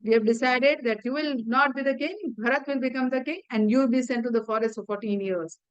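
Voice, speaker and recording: A stubborn queen states her demands in a firm, curt, high voice, as a woman storyteller puts her on. The sound is dry and close. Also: fast talker, smooth, dry recording, lo-fi sound, close to an everyday voice. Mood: cold. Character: stubborn, angry queen making cold demands.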